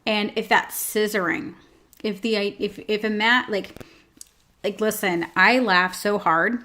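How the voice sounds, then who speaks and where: A woman's voice: mid-range voice, steady tone, slow, sharp tone. A woman hosting her own show, chatting casually with lots of fillers and joking asides. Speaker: host. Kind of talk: casual chat.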